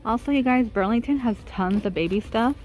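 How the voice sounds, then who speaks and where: A woman's voice: fairly high pitch, a little fast, darkish tone. Chatty woman gushing over store finds. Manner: chatty, gushing over cute finds, reading prices aloud. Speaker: vlogger. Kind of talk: casual shop-with-me walkthrough. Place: inside a large retail store.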